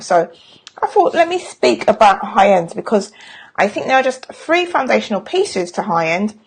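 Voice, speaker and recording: A woman's voice: medium pitch, vocal fry, breathy edge. A middle-aged woman talking casually on a live stream as a sales coach, frank and chatty, with self-mocking jokes.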